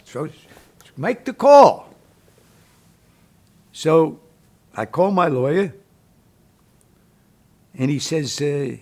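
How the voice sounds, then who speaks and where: A man's voice: on the high side, gravelly. An older man from Philadelphia telling a story in a blunt, streetwise way, acting out the dialogue as he goes. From Philadelphia, USA. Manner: streetwise, acts out dialogue in his tale, blunt with swearing. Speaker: guest storyteller. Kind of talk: casual spoken storytelling.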